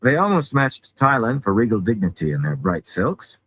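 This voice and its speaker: A man reading a fantasy novel aloud in an expressive way. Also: mid-range voice, moderate pace, dull audio. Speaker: audiobook reader.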